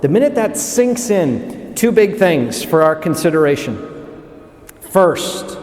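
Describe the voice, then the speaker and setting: A priest delivers a sermon in a fairly high voice, emphatic and stacking words into lists. The sound carries through a large cathedral, roomy and with a long reverb tail. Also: male voice, a little mellow. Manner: emphatic, listing words in repeated series.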